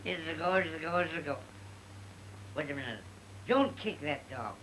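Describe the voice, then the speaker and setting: A man playing a rambling, sentimental comic storyteller in a 1930 film comedy sketch, halting and mock-tearful. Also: on the high side, expressive, sharp tone, a little hiss or hum, poor audio.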